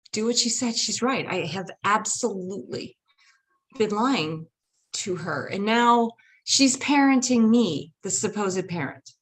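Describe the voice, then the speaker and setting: A woman in the middle of a live personal story, animated and expressive. She slips into other people's voices and laughs along as she goes. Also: medium pitch.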